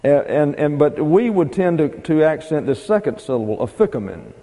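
A man teaches a Bible class in a loose, folksy way, wandering into asides and spelling words out letter by letter. His voice is dark and mellow. Long reverb from a hall trails behind him. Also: on the high side, expressive, moderate pace.

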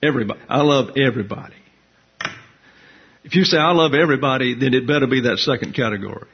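A man with a husky, slightly breathy voice leads a Bible class, talking through his points and asking the room questions. The recording sounds dull and lo-fi. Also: mid-range voice, fast talker. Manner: conversational, asks the class questions. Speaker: Bible teacher.

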